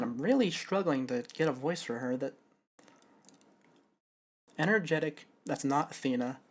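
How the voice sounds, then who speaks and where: A young male streamer playing a game live, talking to himself between lines. His mid-range voice muses, hesitates and corrects itself as he thinks out loud. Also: medium pitch. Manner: musing, self-correcting, thinking aloud.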